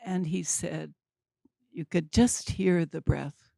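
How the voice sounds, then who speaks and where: An older woman telling a story at a community talk, deliberate and wry with dry humor. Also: on the low side, creaky, mellow, no room sound.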